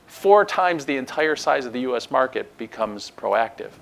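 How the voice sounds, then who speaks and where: A man's voice: mid-range voice, fairly quick, creaky, few pauses, slight background noise. A man interviewing a guest, explaining lessons to an audience in a teacherly way. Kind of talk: interview questions and commentary.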